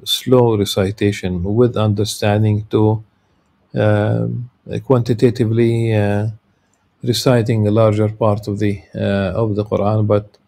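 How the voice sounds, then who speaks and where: A man giving a lecture, reading a religious text and explaining it in a halting way, with many filler sounds and restarts. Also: lowish voice, little pitch movement, vocal fry, warm tone.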